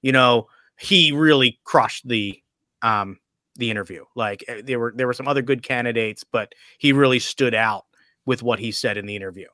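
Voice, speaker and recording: Bright-voiced rambling sports-talk man. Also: medium pitch, normal speed, no echo, clean studio sound. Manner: rambling, self-interrupting, laughs while telling stories. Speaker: podcast co-host.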